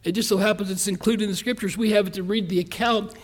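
High pitched guy preaching, folksy and earnest, slows down to hit the big lines. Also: fairly even intonation. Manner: folksy, earnest preaching with quick asides and slow emphatic stresses. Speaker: pastor. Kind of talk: sermon.

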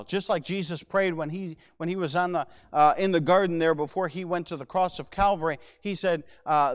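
A man with a high-pitched voice preaches a Sunday sermon. He reads scripture aloud in slow, stressed phrases and drives his points home with rising and falling emphasis. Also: steady tone, in a large hall. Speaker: pastor.

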